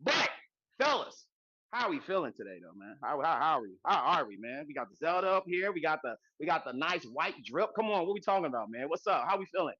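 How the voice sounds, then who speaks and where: A man co-hosting a podcast in casual chat, talking loud and hyped, with slangy, profane banter and shouted intros. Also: a little high, very animated, fast talker, no room sound, muffled recording. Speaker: podcast co-host.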